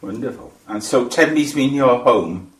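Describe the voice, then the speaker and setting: A man's voice: medium pitch, animated, moderate pace, slight background noise. A man conducting an oral history interview, asking friendly questions and giving short acknowledgements. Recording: roomy sound.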